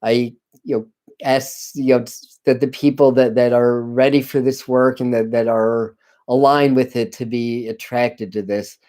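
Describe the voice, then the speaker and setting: A man hosting a spiritual channeling live stream from a dim room at home, talking casually in halting phrases with frequent restarts. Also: medium pitch, flat delivery. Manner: halting, many restarts and apologies, soft laughs. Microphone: computer camera live stream.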